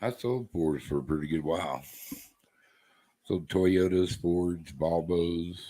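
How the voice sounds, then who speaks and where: A man's voice: sits low, takes it slowly, warm tone, low-quality recording. A man chatting casually with viewers on a live stream, easygoing and rambling. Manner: easygoing, rambling, laid-back.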